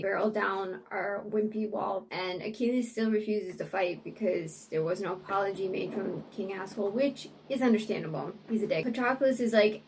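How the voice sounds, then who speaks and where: A woman's voice: fairly high pitch, a little hiss or hum. A young woman talking casually about a book she is reading, emotional, swearing and saying "like" a lot. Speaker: book vlogger. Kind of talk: casual chat. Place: dim room at home.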